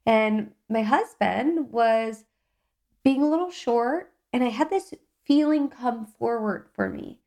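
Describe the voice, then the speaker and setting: A woman hosting a self-help podcast, talking in a calm, gently encouraging, reflective way. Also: on the high side, takes it slowly, gravelly. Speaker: podcast host.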